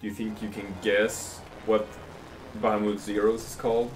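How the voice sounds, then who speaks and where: A man's voice: lowish voice, level tone, moderate pace, recorded from a distance, faint music behind, low-quality recording. A man giving casual, chatty gameplay commentary. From Sweden. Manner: explaining, chatty. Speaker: let's play host.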